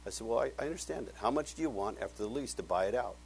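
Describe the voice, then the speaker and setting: A middle-aged male pastor telling a story in a sermon, animated, acting out conversations and laughing often. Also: mid-range voice, racing, vocal fry, slight background noise, low-quality recording.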